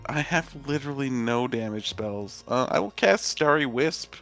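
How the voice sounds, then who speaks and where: Man player, gravelly and lively, swears often, quick excited reactions. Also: mid-range voice, soft background music. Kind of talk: casual tabletop play.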